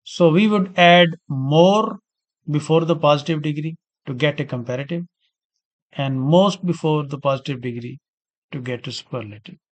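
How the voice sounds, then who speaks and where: A man teaching an English grammar lesson, speaking deliberately, repeating words and spelling out letters. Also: on the high side. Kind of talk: slow spoken grammar lesson.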